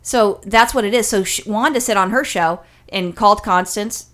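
A middle-aged woman from California talks on a podcast in a casual, blunt way. She swears freely and tells her stories with animated energy. Her pitch sits right in the middle of the usual range for a woman. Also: moderate pace. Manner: blunt, profane, animated storytelling. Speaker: podcast co-host.

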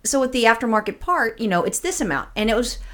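Woman, quick talker, casual podcast chat, profane, animated storyteller. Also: a little high. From California. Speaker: podcast co-host.

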